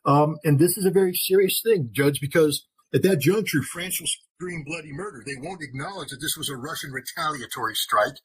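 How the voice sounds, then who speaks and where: An American man giving emphatic, forceful commentary as a guest analyst in an interview. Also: a little high, brisk, few pauses, a little hiss or hum, poor audio. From United States.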